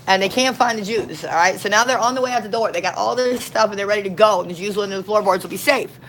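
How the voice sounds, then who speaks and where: A woman street minister in casual, slangy storytelling, folksy and animated. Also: medium pitch, fast talker, low-quality recording.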